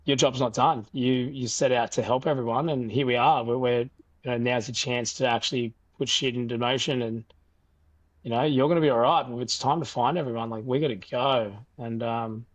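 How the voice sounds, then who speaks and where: Australian man, young adult, dry sound, mid pitch, casual storyteller. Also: moderate pace, no room sound. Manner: animated retelling, loose with fillers and restarts. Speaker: podcast guest.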